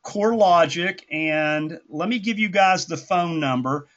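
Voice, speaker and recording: A man's voice: fairly high pitch, a little slow, fairly bright tone, a little hiss or hum. A man hosting a conversational teaching call, rambling and correcting himself as he goes. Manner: rambling, self-correcting, folksy. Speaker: instructor hosting a group call. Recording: dull lo-fi call audio.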